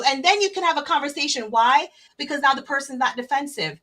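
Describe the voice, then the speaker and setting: A woman coach explaining with lively examples, acting out bits of dialogue and checking in with "right?". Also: high-pitched, a little fast, hardly any pauses. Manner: animated storyteller acting out dialogue, frequent "right?". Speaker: certified coach, guest.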